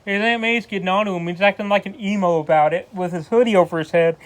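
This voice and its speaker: A man with a fairly high voice rattles through a casual film review at a quick pace. He rambles and drifts into asides, frequently stumbling and restarting what he was saying.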